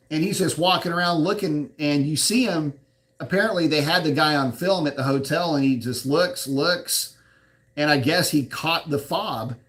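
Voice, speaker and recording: A man's voice: a little high, fairly bright tone. Rambling, frank live-chat man. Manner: rambling, frank, with many fillers and restarts. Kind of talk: casual live chat answering viewer questions.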